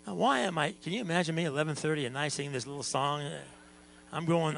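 Male pastor, lively sermon delivery, somewhat high voice, hum under the track. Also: fast talker, vocal fry, rough recording. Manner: animated preaching, sings and shouts at times.

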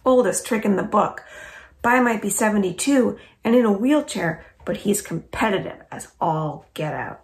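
A woman's voice: mid-range voice, lively intonation, normal speed, lightly acted. A woman reading the part of a bossy, matter-of-fact young girl in a storybook. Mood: exasperated.

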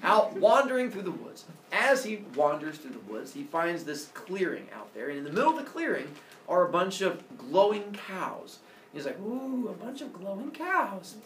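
A man retells a myth in a loose, joking way and fills it with sound effects. His pitch leaps around a lot. The recording is roomy, distant and carries a light hiss. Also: normal speed. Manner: animated, jokey, lots of sound effects. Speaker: storyteller. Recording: roomy room, distant mic, faint noise.

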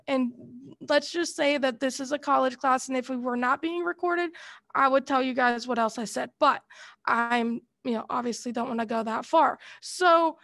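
High-voiced woman teaching a college class. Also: moderate pace, fairly bright tone, no room sound, clean studio sound. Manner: casual, heated storytelling with mild slang. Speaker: college instructor. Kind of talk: classroom lecture with a personal anecdote.

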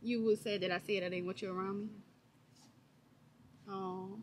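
Inside a store, a vlogger pranking her goddaughter talks to the child in casual vlog style, using short, repeated bits and calling her baby. Her voice is mid-range and darkish, with fairly even intonation and a moderate pace, against slight background noise.

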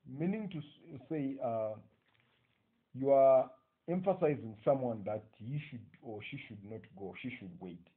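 A man with a Zimbabwean accent gives an English lesson on punctuation, dictating slowly and often checking with "okay?". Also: mid-range voice, animated, husky. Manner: slow, dictating phrases, frequent "okay?" checks. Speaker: English teacher. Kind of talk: recorded exam-prep lecture. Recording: tinny phone-like audio.

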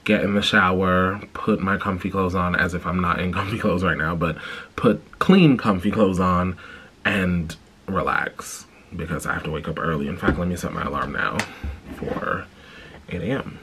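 A man's voice: deep voice, normal speed, slight background noise. A tired man with allergies, chatting casually to camera in a vlog. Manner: chatty, animated, expressive. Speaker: vlogger. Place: home, then out and about.

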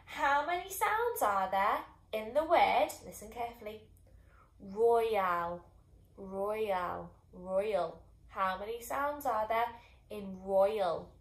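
A woman teaching young children phonics, sounding out each sound slowly and clearly and encouraging them. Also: fairly high pitch, animated, reverberant. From England. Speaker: primary school teacher.

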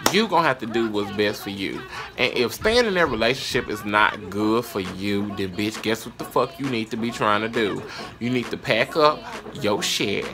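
A young man with a Southern US accent, giving a brash, profane, sassy advice rant as a vlogger. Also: lowish voice. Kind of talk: casual advice rant to camera.

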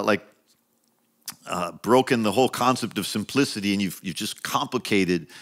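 Low-voiced man preaching a sermon. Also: fairly bright tone. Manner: emphatic, repeats phrases, rises in pitch when stressing a point; conversational preaching with frequent restarts and asides. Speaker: pastor.

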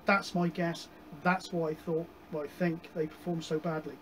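A man casually chatting about his radio hobby, rambling with many pauses and digressions. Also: fairly high pitch, level tone, a bit bright, slight background noise, rough recording. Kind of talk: casual chat.

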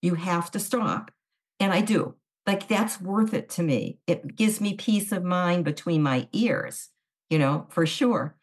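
A middle-aged woman, a guest in a casual podcast interview, talking in a chatty, animated way and acting out what people said to her. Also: on the low side, a little slow. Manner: chatty, animated storyteller acting out quoted dialogue.

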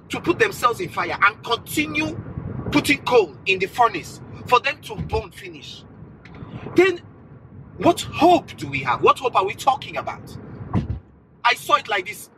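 A young man with a Nigerian accent giving animated, incredulous opinions in a casual vlog, talking from the back of a car. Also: very high voice, noisy background. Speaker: vlogger.

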